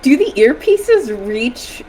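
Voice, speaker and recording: A woman's voice: a little high, big pitch swings, takes it slowly, warm tone, rough recording. A woman chatting casually as a player in a tabletop game, laughing often.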